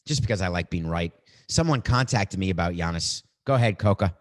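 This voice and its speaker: A man's voice: low voice, lively intonation, a little fast, noisy background. A middle-aged man hosting a podcast, musing aloud in a reflective monologue. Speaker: podcast host.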